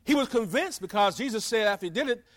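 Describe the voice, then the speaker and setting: A man's voice: high-pitched, animated, fast talker, fairly bright tone. A man preaching a sermon in a folksy, conversational way, acting out the voices of the people in his story.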